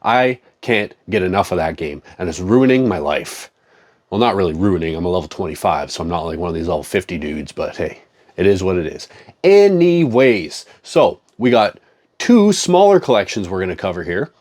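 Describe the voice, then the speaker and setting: A man's voice: deep voice, animated, fairly quick, a little mellow. A man in a profane, joking, rambling casual chat, talking as a comic collector.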